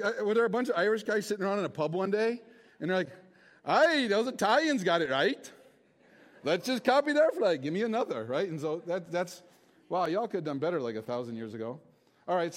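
Joking, chatty man preaching. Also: fairly high pitch. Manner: chatty, self-deprecating, joking with the congregation. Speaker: pastor. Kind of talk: casual sermon with jokes. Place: church hall before a congregation.

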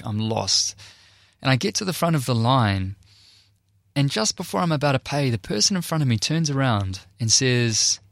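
A man's voice: mid-range voice, fairly bright tone, dry recording, clean studio sound. A young man earnestly telling a personal testimony in a conversational way. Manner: earnest, conversational, emotional retelling. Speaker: Christian speaker and performer.

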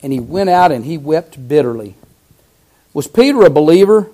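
A man preaching a sermon, fervent, swinging from loud cries to hushed lines. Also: fairly high pitch, lively intonation, moderate pace.

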